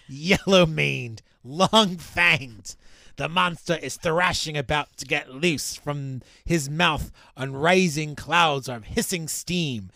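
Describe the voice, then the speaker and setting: A man putting on a slow old sea captain. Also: a little high, creaky, sharp tone, no echo, exaggerated voice. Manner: slow, deliberate storytelling read. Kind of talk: reading an old newspaper account in character.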